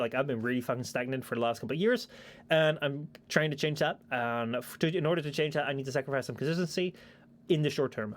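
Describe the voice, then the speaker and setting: A young man chatting casually on his stream, rambling with lots of fillers and casual swearing, into a shotgun mic at his home desk. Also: mid-range voice. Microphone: shotgun microphone at a streaming desk.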